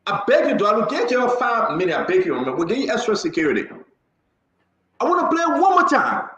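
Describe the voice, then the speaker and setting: High-voiced man hosting talk. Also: wildly swooping pitch, brisk, a bit bright, lo-fi sound. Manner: emphatic, pleading, repeats for effect. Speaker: talk show host. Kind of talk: live political talk show. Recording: roomy echo.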